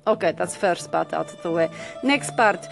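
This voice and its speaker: A woman's voice: fairly low pitch, normal speed, vocal fry, faint music behind. A woman doing a purring mock-Russian radio host. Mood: teasing. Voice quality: theatrical, coos pet names, swoops between purring and shouting. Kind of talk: comic character radio show.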